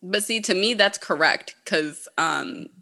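A woman's voice: on the low side, measured pace, vocal fry. A woman chatting casually, telling stories animatedly with lots of fillers and laughter. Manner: animated storyteller, frequent laughs, filler-heavy. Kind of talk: casual chat.

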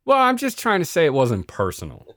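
A man's voice: a little high, wildly swooping pitch, brisk, fairly bright tone, dry recording, clean studio sound. A man co-hosting a podcast in casual chat, ranting sarcastically and swearing a lot. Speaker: podcast co-host.

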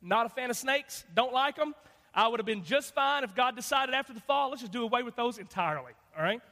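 High-voiced joking preacher in a reverberant hall. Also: male voice, lively intonation, a little fast, bright, forceful tone. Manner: conversational, joking, lots of fillers and restarts. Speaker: guest preacher. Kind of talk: sermon. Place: church sanctuary.

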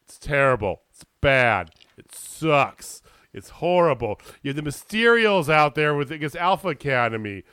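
A man in casual chat about wrestling, ranting in an animated way and swearing freely. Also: on the high side, moderate pace, clear, resonant tone, no room sound. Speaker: podcast co-host.

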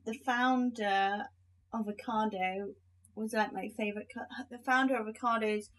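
A young woman co-hosting a podcast, chatting casually and telling short anecdotes in a relaxed way. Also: on the high side, moderate pace. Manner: relaxed, brief reactions and anecdotes. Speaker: podcast co-host. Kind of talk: casual chat.

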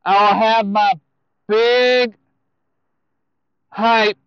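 A man giving casual movie news to viewers, speaking in a halting way with self-corrections and asides. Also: high voice, fairly even intonation, smooth, no echo, dull audio.

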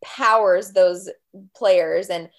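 A woman's voice: on the low side, very slow. Woman, casual podcast chat, blunt, slangy, wry. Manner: blunt, slangy, wry about her team. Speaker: guest fan.

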